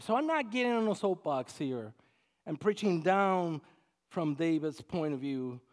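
Middle-aged male pastor, high voice, animated storytelling sermon, loud-soft swings. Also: moderate pace. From Puerto Rico.

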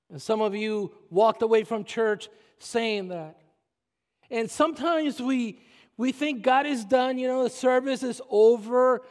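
A man with a Puerto Rican accent preaching a sermon as pastor, emphatic and repetitive, slowing down to stress his points. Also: very high-pitched. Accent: Puerto Rican Spanish. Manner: emphatic, repeats phrases and slows down for stress. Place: church sanctuary. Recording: long reverb of a church hall.

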